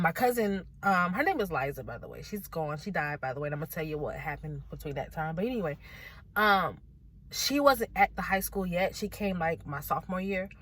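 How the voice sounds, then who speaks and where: A young woman with a slightly low voice records a heartfelt vlog from her car. She rambles and restarts, leaning on fillers, and keeps holding back tears. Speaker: vlogger. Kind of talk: personal confessional vlog. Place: parked car.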